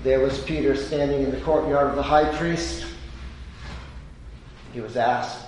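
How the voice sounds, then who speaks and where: A man's voice: mid-range voice, fairly even intonation, unhurried, a little mellow, slight background noise. Man preaching in an echoey hall. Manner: storytelling, voicing quoted speakers with rising emphasis. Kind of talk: sermon.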